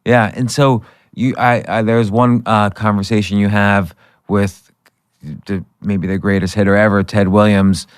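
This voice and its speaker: A man hosting a podcast asks questions in stops and starts, often restarting mid-sentence. His voice is smooth and a little low, recorded close and dry. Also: little pitch movement, unhurried, no echo. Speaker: podcast host. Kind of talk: casual interview questions.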